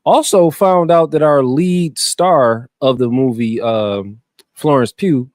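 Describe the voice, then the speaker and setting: A man's voice: medium pitch, slow pace, no room sound, studio quality. Casual man hosting a movie podcast. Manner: relaxed, slangy, stumbles over names. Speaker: podcast host. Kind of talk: casual movie-review chat.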